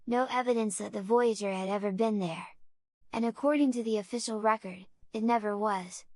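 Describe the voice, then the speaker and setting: A grave, weary former navy man, as a woman narrator puts him on, explains in a solemn tone at a mid pitch. The sound is dry and close. This horror audio story is delivered plainly. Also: brisk, no room sound, close to an everyday voice.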